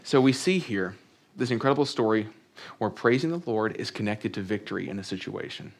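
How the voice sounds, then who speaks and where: A man's voice: on the low side, expressive, brisk, vocal fry. A man preaching a sermon in a conversational way, reading scripture aloud and adding joking asides. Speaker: pastor.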